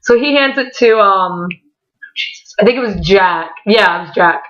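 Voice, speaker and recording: Excitable young-sounding woman vlogger. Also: medium pitch, normal speed. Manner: excitable, profanity-laden, quoting voices. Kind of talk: casual storytelling. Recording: dull lo-fi recording.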